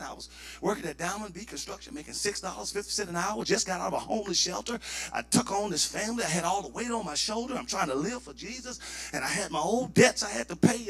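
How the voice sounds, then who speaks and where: A male pastor with a Southern US accent, preaching a sermon and building to shouted fervor. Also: high-pitched.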